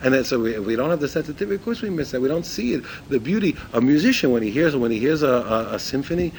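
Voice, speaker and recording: Animated older man giving a lively Torah talk. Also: mid-range voice, fast, a little hiss or hum, poor audio. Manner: animated storytelling, acts out dialogue in a raised voice; repeats and restarts phrases often. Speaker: rabbi teaching Torah.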